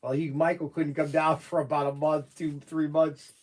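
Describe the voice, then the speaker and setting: A man's voice: fairly high pitch, level tone, normal speed, a little mellow. A man running a hobby shop, telling long rambling stories and getting defensive when teased, in a store. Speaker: hobby shop owner and show host. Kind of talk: casual storytelling and shop banter.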